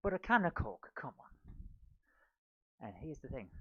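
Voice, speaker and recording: A woman's voice: low-pitched, animated, moderate pace, no room sound, highs cut off. A woman doing a stand-up comedy routine in a comedy club, with sardonic, mocking asides.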